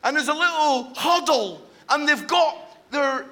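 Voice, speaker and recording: A man preaching in a strikingly high, bright, forceful voice. He delivers a passionate sermon, sinking to hushed near-whispers and then building to shouts. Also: unhurried. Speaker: guest preacher. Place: church service.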